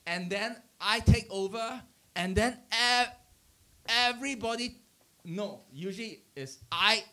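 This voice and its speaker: Here a middle-aged man who pastors a church gives a chatty teaching, bringing stories to life while chuckling and restarting sentences often. The voice is high-pitched and the pace slow.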